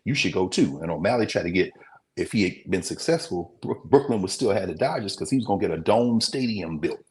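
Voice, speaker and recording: Man, very deep voice, teacher, conversational lecture, digressive. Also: expressive, a little mellow. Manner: conversational, digressive, with mid-sentence recall pauses. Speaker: teacher hosting a class show. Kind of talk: lecture, talking to viewers.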